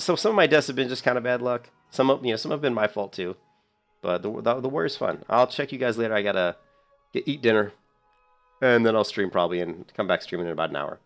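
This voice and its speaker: A man in his thirties with a lowish voice streams gameplay, offering casual commentary. He tells a rambling, animated story as he plays.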